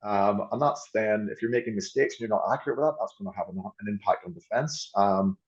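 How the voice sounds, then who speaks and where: A man's voice: fairly low pitch, quick pace, lo-fi sound. A man who coaches rugby, talking through ideas as a podcast guest, often restarting and repeating words as he thinks. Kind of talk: podcast discussion.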